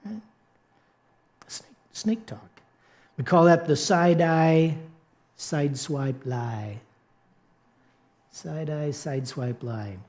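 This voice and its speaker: Unhurried man preaching conversationally. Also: a little high, a little mellow. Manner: conversational, repeats catchphrases, asks the congregation "right?". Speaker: pastor. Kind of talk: sermon.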